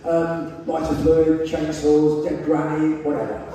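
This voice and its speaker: A man's voice: on the high side, monotone, unhurried, warm tone. A man performing wry, self-mocking comic stories on a theater stage, recorded from the front row. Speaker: spoken word performer. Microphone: camera in the front row of the audience. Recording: distant echoey theater hall, crowd noise.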